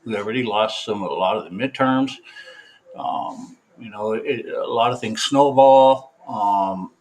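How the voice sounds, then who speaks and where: A man's voice: lowish voice, measured pace, darkish tone, poor audio. A man giving a casual, opinionated video update, rambling with fillers and restarts.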